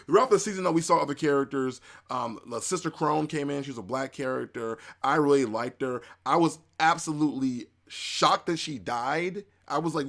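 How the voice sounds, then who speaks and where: A man hosting a casual spoken review, excitable and rambling, with many fillers and restarts. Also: on the high side, fairly quick. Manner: acts out reactions in quoted asides. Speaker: anime reviewer, show host.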